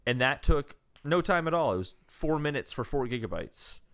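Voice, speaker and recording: A man's voice: on the high side, expressive, normal speed, a bit bright. Dry-witted young man co-hosting a podcast. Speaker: podcast co-host. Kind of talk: casual chat.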